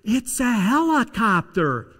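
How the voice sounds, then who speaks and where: A man's voice: high voice, sing-song, slow, in a large hall, heavily acted. A man whispering as a tiny secretive boy. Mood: matter-of-fact. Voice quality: hushed, faint whisper. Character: small whispering little boy. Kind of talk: whispered role-play.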